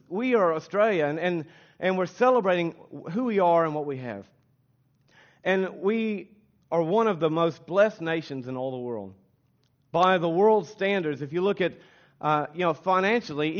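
A man's voice: a little high, highs cut off. An American man preaching a sermon in a casual, conversational way, often restarting phrases and using fillers. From United States. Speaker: pastor.

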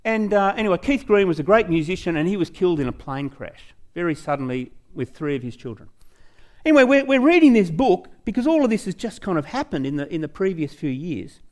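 A man's voice: sits high, fairly quick. An Australian man giving a testimony in a rambling, chatty way. His voice rises and falls a lot as he goes along. He keeps coming back to his story with "anyway". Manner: animated, chatty, trails off with "anyway". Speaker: speaker at a church talk.

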